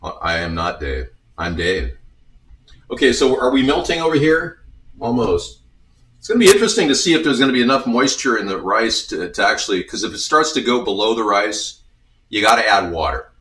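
In an echoey home kitchen, picked up by a distant mic, a home cook walks through a recipe in a rambling, casual demo full of jokey asides. His voice is medium-pitched, expressive, fairly quick and fairly bright.

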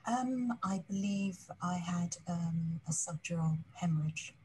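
A woman, a patient answering hesitantly with soft pauses. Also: fairly low pitch, slight background noise. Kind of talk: interview answers.

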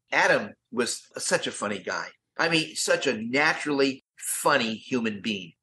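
An older man, a guest on an interview show, telling stories with lively enthusiasm. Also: medium pitch, slight background noise. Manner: enthusiastic, quick-talking raconteur. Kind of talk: animated storytelling in an interview.

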